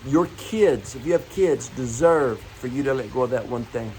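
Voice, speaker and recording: A man's voice: mid-range voice, moderate pace, mellow, a little hiss or hum, rough recording. A man preaching a morning devotional, earnest and repeating his key phrases as he tells personal stories.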